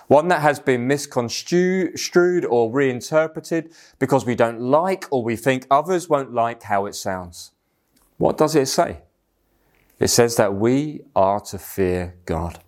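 A man's voice: medium pitch, animated, slow. A man preaching a sermon in an earnest, emphatic manner. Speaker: pastor.

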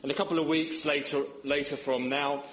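Delivering a sermon a little fast, a young man has a flat, somewhat bright voice, yet he rises in pitch to emphasize points. He's humorous and tells stories, recorded in an echoey church hall with faint noise behind him.

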